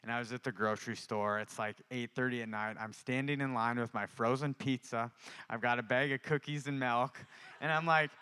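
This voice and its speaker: A man's voice: mid-range voice, steady tone, a little fast, bright, forceful tone, smooth. A man preaching a sermon, telling a personal testimony in a chatty way and building to fervent exhortation.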